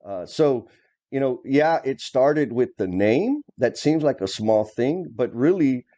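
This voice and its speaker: A middle-aged man with a mellow, relaxed tone tells work stories in a casual back-and-forth. His speech is plain and blunt, with the odd curse, and his pitch sits in an ordinary range. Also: slow. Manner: storytelling, drawls and blunt, mild cursing. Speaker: co-host, former plumbing superintendent. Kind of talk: casual conversation.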